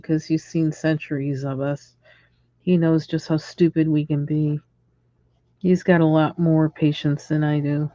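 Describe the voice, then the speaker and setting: Exasperated ranting streamer, dark dull sound. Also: medium pitch, fairly even intonation, unhurried, no room sound. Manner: exasperated ranting, chuckling between lines. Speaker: coloring livestream host. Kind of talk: casual rant while coloring.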